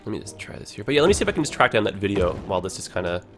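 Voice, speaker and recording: Chatty man, lively voice. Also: on the low side, very fast, faint music behind. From Ontario, Canada. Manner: rambling, chatty, heavy use of "like". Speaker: livestream host. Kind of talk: casual game livestream commentary.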